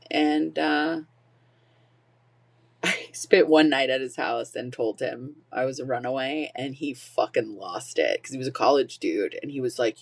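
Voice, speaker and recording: A woman's voice: low-pitched, creaky. A woman in her forties, a podcast guest telling her own story openly, swearing freely and laughing through painful memories. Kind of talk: personal storytelling.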